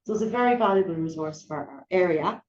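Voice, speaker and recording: A woman's voice: on the low side, expressive, quick pace, darkish tone, slight background noise. A woman hosting an evening talk, introducing the speaker in a hesitant way full of fillers. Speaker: event host. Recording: echoey room, dull mic.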